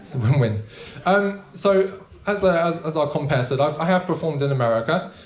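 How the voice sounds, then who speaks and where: A young man doing a stand-up comedy set in a small club, deadpan and casual with frequent ums. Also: fairly high pitch, fairly quick. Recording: echoey room.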